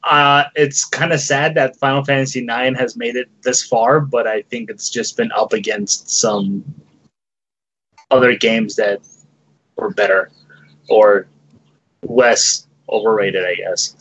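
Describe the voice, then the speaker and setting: A man's voice: medium pitch, fairly even intonation, takes it slowly, a bit bright, slightly rough. Sheepish man on muffled audio. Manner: sheepish, laughing, hesitant. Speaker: panelist. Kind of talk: casual podcast debate.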